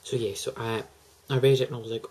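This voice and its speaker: A teenage lad talks to camera in an excitable, rambling rush and gushes over everything. His voice sits at an ordinary middle pitch, and a faint background hum sits under it. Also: fast, low-quality recording. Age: teens. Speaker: vlogger. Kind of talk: casual chat to camera.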